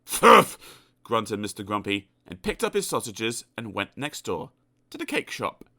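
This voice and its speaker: A man's voice: fairly low pitch, sing-song, moderate pace, fairly bright tone. A man narrating a children's storybook aloud with playful asides to the listener. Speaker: audiobook narrator.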